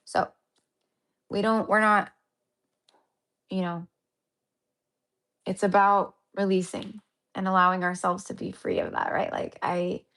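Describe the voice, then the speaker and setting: A woman's voice: mid-range voice, level tone, measured pace, pauses often, fairly bright tone. A woman chats her way through a spiritual healing livestream. She rambles, restarts her sentences and leans on fillers, and she keeps calling her viewers honey and my love. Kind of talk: casual livestream chat to viewers.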